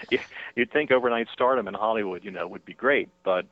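A man, an author being interviewed by phone, talking in a halting way with many fillers and restarts. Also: mid-range voice, no echo. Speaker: author and guest. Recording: tinny dry phone line.

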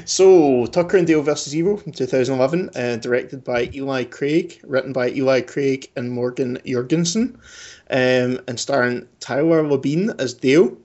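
A man's voice: mid-range voice, moderate pace, a little mellow, lo-fi sound. A man hosting a podcast, chatting casually and rambling with many fillers. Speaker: podcast host.

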